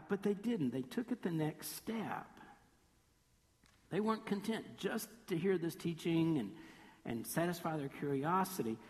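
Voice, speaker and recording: A man with a high, light voice delivers a sermon with lively storytelling and playful sarcasm. He acts out the voices of the people in his story. His words ring out with a long reverb, as if he were in a large hall. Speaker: preacher.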